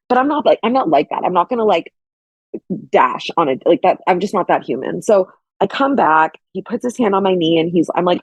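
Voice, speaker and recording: Young woman, guest storyteller; animated, lots of "like", acts out quoted lines, husky, slightly low voice. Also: dry recording, dull audio.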